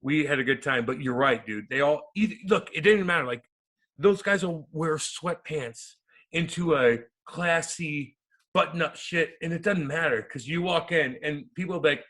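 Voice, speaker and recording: A man in his thirties, a podcast guest, telling stories in a lively, profane way and acting out quotes. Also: on the high side, normal speed. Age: 30s. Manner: animated, profane, acts out quotes. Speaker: podcast guest, former hockey player. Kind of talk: casual storytelling interview.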